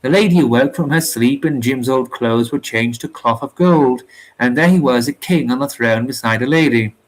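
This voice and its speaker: A man reading a story aloud in a lively storytelling manner, with occasional small slips. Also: mid-range voice, moderate pace. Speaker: story reader.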